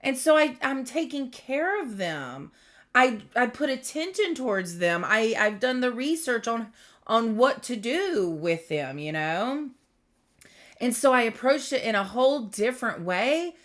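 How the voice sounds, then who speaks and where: A middle-aged woman giving a rambling spiritual tarot reading, gentle and full of fillers and restarts. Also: fairly high pitch, sing-song, a little slow. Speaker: tarot reader.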